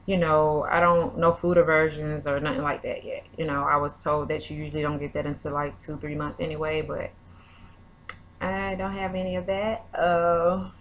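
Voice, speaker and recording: A woman's voice: deep voice, little pitch movement, moderate pace, a little hiss or hum. A young woman, vlogging in a chatty, rambling way full of fillers. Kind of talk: casual chat.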